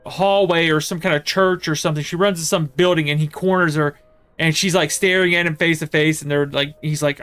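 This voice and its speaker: A man's voice: on the high side, steady tone, a little fast, a bit bright, clear, resonant tone. A man streaming a horror game, telling a long rambling story full of fillers and restarts. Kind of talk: casual chat while playing a horror game.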